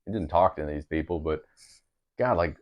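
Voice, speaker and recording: A man with a very deep, low voice joins a laid-back podcast conversation. He keeps his replies brief and laughs easily. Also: fast, muffled recording. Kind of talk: casual chat.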